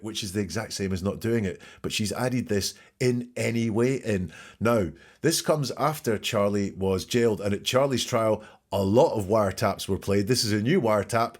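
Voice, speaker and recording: A man's voice: mid-range voice, moderate pace. A man hosting an analytical commentary, probing and rephrasing quotes as he asks questions. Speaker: host.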